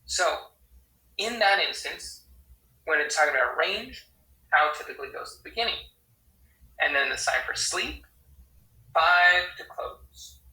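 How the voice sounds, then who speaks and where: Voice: mid-range voice, animated, moderate pace, long pauses, bright, forceful tone, roomy sound, low-quality recording. An interpreter voicing a sign language teacher's lesson, explaining step by step and often checking in with "right?". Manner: explanatory, frequent tag questions.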